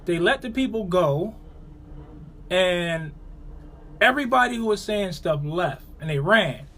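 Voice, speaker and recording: A man's voice: high voice, unhurried, a little hiss or hum. A man with a Buffalo, New York accent, co-hosting a podcast, telling a story in casual chat and acting out quotes with a raised voice. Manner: animated, acts out quotes with raised voice. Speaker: podcast co-host.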